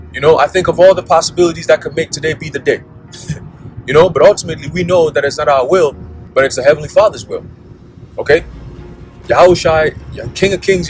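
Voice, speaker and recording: This religious commentator preaches in a blunt, foul-mouthed monologue, constantly tossing in "okay?" and "all right?" His voice sits fairly high, and the recording quality is rough.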